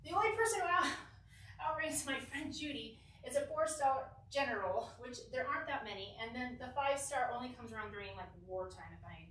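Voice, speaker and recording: A young woman from Southern California telling a lively, giggly personal story to a church youth group, acting out the quotes. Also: high-pitched, brisk, far from the mic. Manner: animated, giggly, acts out quotes. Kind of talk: casual storytelling talk. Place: church hall. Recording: echoey hall, mic from afar.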